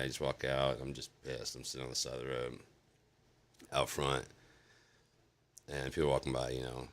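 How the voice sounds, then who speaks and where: A man's voice: completely flat delivery, a little fast, pauses often, fairly bright tone. A man hosting a casual vlog, telling a long rambling story full of swearing and restarts. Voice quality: very deep gravelly voice. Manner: rambling, profane, restarts often. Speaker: vlog host.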